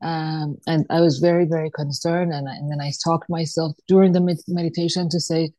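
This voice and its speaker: A woman student shares a personal story in class, hesitant and with fillers. Her voice is low, dark and fairly flat. The sound is dry and close. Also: brisk, few pauses, no echo. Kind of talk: sharing a personal experience.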